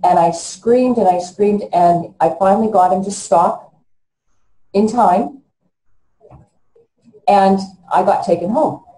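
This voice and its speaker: A woman in her fifties, an interview guest telling her own story in a halting, earnest way with frequent restarts. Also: medium pitch, warm tone, roomy sound, low-quality recording.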